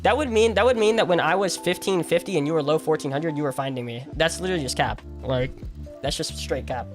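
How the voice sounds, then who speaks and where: A man's voice: on the high side, fast, over music. A young man streaming a game, talking to chat in a casual, argumentative way, full of slang and repetition. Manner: incredulous, argumentative, repeats himself; heavy use of "like" and slang.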